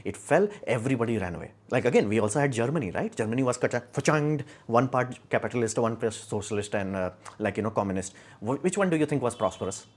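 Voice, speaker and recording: A man's voice: mid-range voice, animated, quick pace, hardly any pauses. A young man from India hosting a casual livestream, talking in a blunt, argumentative, rambling way. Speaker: live stream host.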